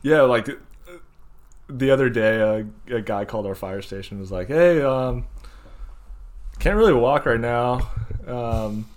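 A man's voice: medium pitch, measured pace, pauses often. A man who works as an EMT and firefighter, telling work stories in a loose, casual podcast chat full of fillers. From Southern California. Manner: loose storytelling with many fillers and laughs.

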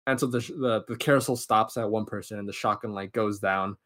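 A man hosting a podcast, casually retelling a film plot in an excitable, rambling way, full of restarts and fillers. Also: fairly low pitch, brisk. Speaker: podcast host.

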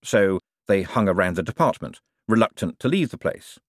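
Low-voiced expressive male audiobook narrator. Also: normal speed, no echo, clean studio sound.

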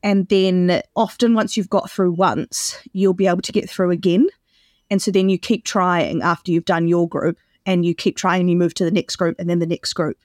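A woman's voice: lowish voice, steady tone, moderate pace, a little mellow, no room sound, clean studio sound. A woman co-hosting a podcast in casual chat, explaining things at length and laughing often. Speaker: podcast co-host.

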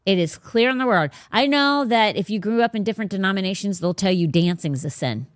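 A woman's voice: mid-range voice, animated, a little fast, no echo, studio quality. A woman hosting a faith podcast, talking casually but bluntly and emphatically. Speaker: podcast host.

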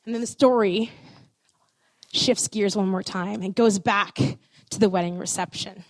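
A woman telling a love story to an audience, animated and playful, often dropping into asides. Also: mid-range voice, measured pace, no room sound. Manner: animated, expressive, playful, with many "like" fillers. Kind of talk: storytelling talk.

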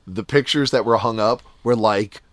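A man's voice: fairly low pitch, moderate pace, a bit bright, no echo. A man telling a story in casual chat, laughing often and acting out the voices of the people in it. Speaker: podcast co-host telling a story.

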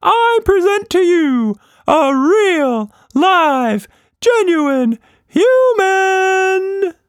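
A magical blob monster with a soaring high voice that swoops up and down. He bellows and draws his words out like a circus showman. The sound is dry and close. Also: sing-song, extremely slow, no echo, exaggerated voice. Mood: showy. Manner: theatrical, booming ringmaster.

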